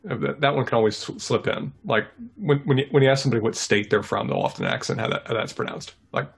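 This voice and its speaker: A man's voice: mid-range voice, fast talker, creaky, breathy edge. A man from North Carolina chatting casually on a podcast, explaining things. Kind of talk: casual chat.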